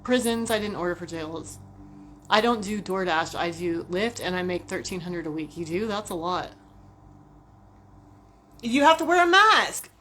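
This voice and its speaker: A woman ranting casually to camera about work, profane, animated and self-mocking. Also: on the low side, moderate pace, pauses often, a little hiss or hum. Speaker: vlogger.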